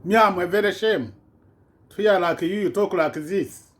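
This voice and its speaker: A man's voice: sits high, normal speed. Indignant man ranting in broken English. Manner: broken non-native English, repetitive, indignant. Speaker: vlogger. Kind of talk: impassioned political rant.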